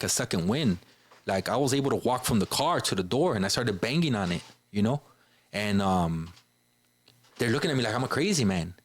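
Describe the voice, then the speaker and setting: A man from Chicago tells a personal story on a podcast, talking loosely and dropping "bro" and "you know" into nearly every sentence. His voice sits fairly low. The sound is close and dry, with almost no room around it. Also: dry recording. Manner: informal, many fillers like "you know" and "bro". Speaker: podcast guest. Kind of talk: casual storytelling.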